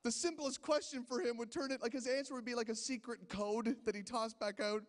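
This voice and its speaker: High-voiced stand-up comic. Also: male voice, steady tone, brisk, big-room sound. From Canada. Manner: chatty storytelling, acts out quoted voices. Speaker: stand-up comedian. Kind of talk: stand-up comedy set. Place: casino stage.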